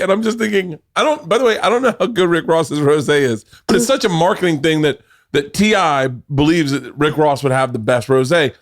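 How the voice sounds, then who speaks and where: A middle-aged man hosting a podcast, telling animated stories in casual chat, swearing freely and laughing as he talks. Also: on the high side, fairly quick. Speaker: podcast host.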